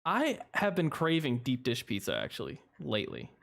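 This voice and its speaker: A man's voice: mid-range voice, huge pitch swings, normal speed, gravelly, fairly bright tone. A young man streaming a game, chatting casually with viewers in a rambling, chuckling way, and sleepy at times. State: sleepy, yawning. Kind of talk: casual livestream commentary.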